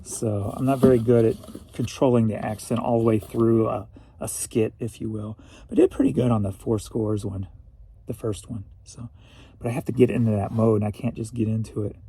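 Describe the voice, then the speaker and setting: A man's voice: on the low side, normal speed, gravelly, mellow, slight background noise. A man from St. Louis, Missouri, rambling through a casual solo reseller vlog, chatty and at times emotional. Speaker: reseller vlogger.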